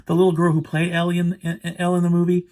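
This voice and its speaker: Rambling man with a slightly high voice. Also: monotone, fast talker, a little mellow. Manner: rambling, backtracking, retelling plots. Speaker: movie reviewer. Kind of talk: casual movie review vlog.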